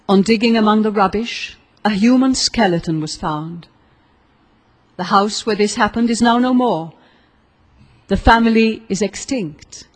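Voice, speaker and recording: Husky woman narrating an audiobook. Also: mid-range voice.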